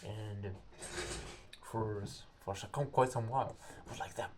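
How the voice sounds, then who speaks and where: A man's voice: on the low side, steady tone, a little hiss or hum. A young man, an English speaker, telling a story casually and rambling, searching for words. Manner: rambling, halting, searches for words, acts out quotes loudly.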